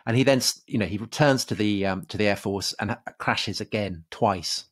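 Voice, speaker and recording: A man's voice: fairly low pitch, moderate pace. An English man hosting a casual history podcast, telling stories with frequent laughs and fillers. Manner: chatty storyteller, laughs often, many fillers. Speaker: podcast host.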